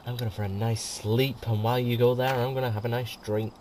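A man chats away over gameplay in casual, rambling let's-play commentary, laughing often. His medium-pitched voice is flat and fast, recorded on a quiet home mic with music behind and slight background noise.

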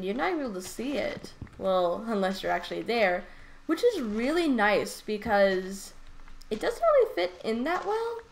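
A woman playing a video game and talking through it in casual commentary, excitable and gushing, often stammering and repeating herself. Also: mid-range voice, slight background noise. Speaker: let's play gamer.

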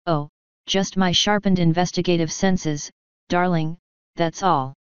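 A woman's voice: fairly low pitch, steady tone, unhurried, clear, resonant tone, no room sound, close to an everyday voice. A woman voicing an elegant, theatrical female pony with a refined, airy manner. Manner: airy, refined, says darling. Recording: dull lo-fi dry recording.

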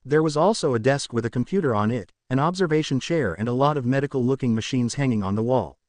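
A man narrating a fan fiction story in an expressive storytelling manner. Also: medium pitch, fast talker, no room sound, studio quality.

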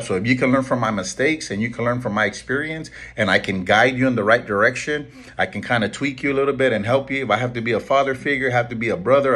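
Middle-aged barber, husky voice, earnest motivational mentor repeating his points. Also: on the low side, fairly bright tone. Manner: earnest, pleading, repeats key lines. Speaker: barber and shop owner. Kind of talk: motivational talk to camera.

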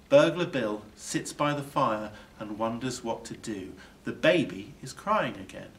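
A male teacher reading a children's picture book aloud with expressive storytelling and dramatic drops. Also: mid-range voice, a little slow, hardly any pauses, far from the mic.

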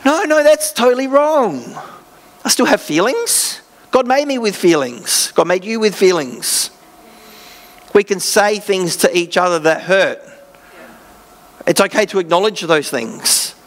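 A man's voice: high-pitched, animated, measured pace, a bit bright. An Australian man, a pastor, preaching a sermon in an earnest, conversational way with self-deprecating asides.

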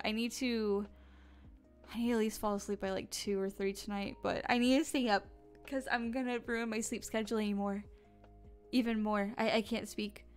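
A woman's voice: on the high side, clear, resonant tone. A tired woman streamer chatting casually on a desk mic, giggly and rambling. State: sleepy and tired. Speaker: live streamer. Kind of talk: casual live-stream chat.

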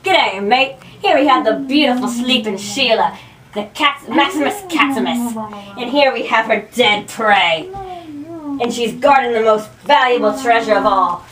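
A woman's voice: fairly high pitch, lively intonation, normal speed, crowd noise, lightly acted. A young woman putting on a mock Australian drawl to play a cheery female wildlife show presenter in a homemade skit. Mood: chirpy. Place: bedroom at a sleepover. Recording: echoey room, distant camera mic, noisy.

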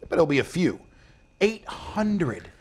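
A man's voice: fairly high pitch, sing-song, slow pace, darkish tone, slight background noise. An American man co-hosting a casual podcast, arguing bluntly and swearing. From United States. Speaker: podcast co-host.

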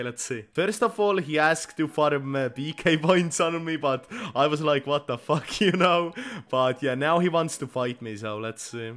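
A young man giving excited commentary over his own gameplay, muttering between loud outbursts of laughter and swearing. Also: a little high. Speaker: gaming YouTuber.

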